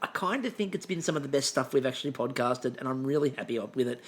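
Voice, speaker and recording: A man's voice: medium pitch, expressive, fast. A man co-hosting a podcast in casual chat, wry and self-deprecating, rambling between topics. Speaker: podcast co-host.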